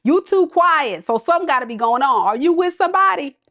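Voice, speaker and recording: Lady doing a nosy suspicious lover, high and teasing, all slang and pushy questions. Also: animated, brisk, fairly bright tone. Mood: teasing, prying.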